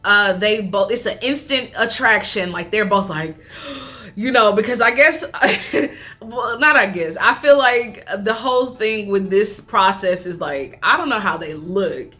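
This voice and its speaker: Bright, chatty woman vlogger. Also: medium pitch, unhurried. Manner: chatty and animated, laughs often, many fillers. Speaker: YouTuber recapping a reality show. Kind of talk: casual recap chat.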